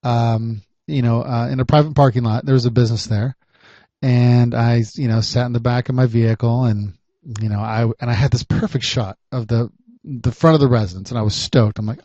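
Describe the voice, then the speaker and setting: A man hosting a podcast, a private investigator telling a story in a chatty, animated way. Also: mid-range voice, a little fast, no echo, dull audio. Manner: animated, chatty, laughs often.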